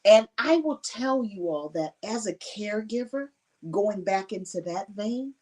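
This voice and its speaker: An earnest woman sharing personal testimony on a conference panel, her voice emotional and broken by frequent laughter. She sits a little back from the mic, so she sounds slightly distant, with a medium pitch. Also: animated, unhurried, a little mellow.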